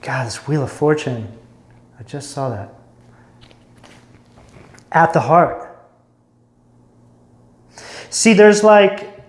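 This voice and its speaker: A man doing an intuitive tarot reading, musing and searching as he talks, often breaking off mid-sentence. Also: fairly high pitch. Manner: musing, searching, self-interrupting. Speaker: tarot reader. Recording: roomy echo.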